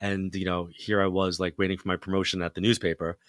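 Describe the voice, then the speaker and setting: Middle-aged guy telling a story in an interview, lots of "like", lowish voice, really dry sound. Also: quick pace, no echo. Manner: animated storyteller who acts out quoted voices, many fillers. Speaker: psychic medium guest.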